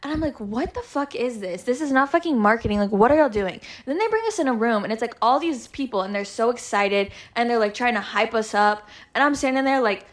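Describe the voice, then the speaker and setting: A woman's voice: fairly high pitch, animated, fast talker, few pauses. A young woman in casual chat, telling a profane story and acting out what others said. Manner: profane, acts out quoted lines.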